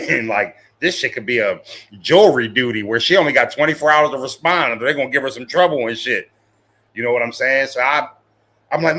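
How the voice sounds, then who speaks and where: Slangy, bright-voiced male streamer. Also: medium pitch, a little fast. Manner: slangy, profane, laughs often, talks to chat. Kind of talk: casual live-stream commentary.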